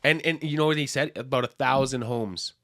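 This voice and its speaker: A man's voice: medium pitch, brisk, pushed and bright, no echo. A man co-hosting a podcast, chatting casually and swearing a lot as he reacts to videos. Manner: profane, laughing, loose banter. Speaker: podcast co-host.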